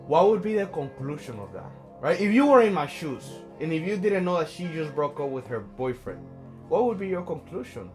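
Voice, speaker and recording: A man's voice: fairly high pitch, big pitch swings, normal speed, darkish tone. A man telling a personal story in a casual, conversational way, often checking in with "right?" as a social anxiety coach. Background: background music.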